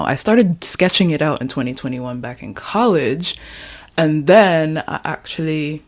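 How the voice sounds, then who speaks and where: A woman in her twenties chatting alone in her room, rambling and playful as she talks about her writing. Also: deep voice. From Jamaica. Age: 20s. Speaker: vlogger. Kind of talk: casual chat vlog.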